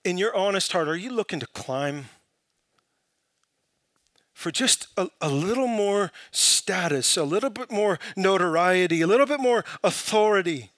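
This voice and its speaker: A man preaching a sermon, building from quiet, searching questions to impassioned, emphatic peaks. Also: sits high, animated, moderate pace, no room sound. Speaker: pastor.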